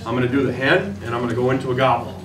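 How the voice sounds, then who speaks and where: A man's voice: mid-range voice, very fast, noisy background. Folksy man teaching turkey calls. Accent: Upper Midwest American. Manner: plain, folksy, explains step by step. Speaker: turkey hunting instructor. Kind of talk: outdoor demonstration talk to hunters. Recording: roomy sound, voice from a distance, faint ambience.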